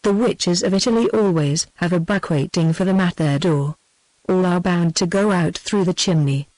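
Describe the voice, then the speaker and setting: Lecturing male gypsy chief, read by a British woman's synthetic voice, flat machine delivery, dry sound. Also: on the low side, moderate pace, dry recording, natural voice, poor audio. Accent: British English. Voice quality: even synthetic text-to-speech reading.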